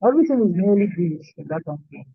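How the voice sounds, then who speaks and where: A man's voice: high-pitched, big pitch swings, fast, creaky, slightly rough, no echo. Hesitant young-sounding man on a tinny call. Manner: hesitant, stumbling over his answers. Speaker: trainee student. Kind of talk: answering questions on a call. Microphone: call audio. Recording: tinny phone line, muffled.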